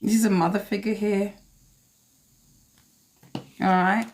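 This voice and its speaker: A woman's voice: medium pitch, flat delivery, takes it slowly, a little mellow. A woman giving a blunt, emphatic live tarot reading, swearing freely as she talks to viewers. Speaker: tarot reader.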